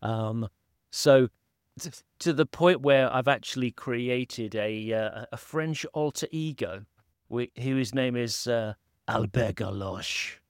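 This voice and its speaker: A man hosts a podcast in a relaxed, rambling chat, joking at his own expense and trailing into fillers. His voice sits at an ordinary middle pitch. The sound is dry and close, with no room echo. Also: takes it slowly, clean tone. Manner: rambling and self-deprecating, many fillers. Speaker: podcast host. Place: holiday home indoors, at a laptop.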